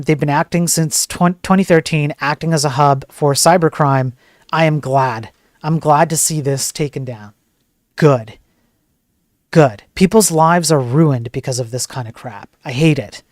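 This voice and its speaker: A man's voice: fairly high pitch, moderate pace, a little mellow, no echo, studio quality. A man hosting a casual tech news stream, ranting bluntly and joking as he reads the stories. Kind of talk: casual live-stream commentary.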